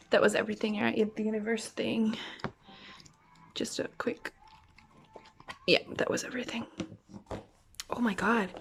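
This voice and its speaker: A young woman with a fairly high voice talks through an unboxing in a slow, drawn-out way. She counts down and gasps at each reveal, then often drops into soft whispers. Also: a little hiss or hum. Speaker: vlogger unboxing albums. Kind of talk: excited unboxing vlog chat.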